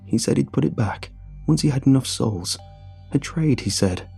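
A man's voice: lowish voice, unhurried, vocal fry, warm tone, breathy edge, soft background music, heavily acted. A man voicing a bitter, sobbing middle-aged drunk with a graying beard, in a scripted horror story reading. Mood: pleading.

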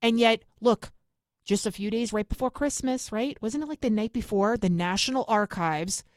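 A woman's voice: a little high, no room sound, studio quality. Fiery New York woman political host. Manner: fiery, sarcastic, rapid-fire. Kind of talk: opinionated political monologue.

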